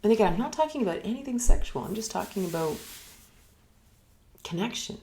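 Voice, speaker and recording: A woman giving a reflective spiritual teaching in a live online session, musing and unhurried, sometimes dropping almost to a whisper. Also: medium pitch, lively intonation, dark tone. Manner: unhurried, musing, drops to near-whispers at times. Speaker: meditation teacher. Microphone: live online broadcast.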